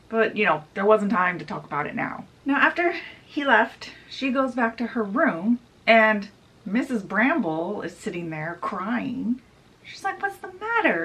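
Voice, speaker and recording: Chatty woman retelling a story, mic slightly distant. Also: medium pitch. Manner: chatty, acts out quoted lines with "she's like"; laughs easily between lines. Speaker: book vlogger. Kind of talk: casual retelling of a novel's plot. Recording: voice a bit off-mic.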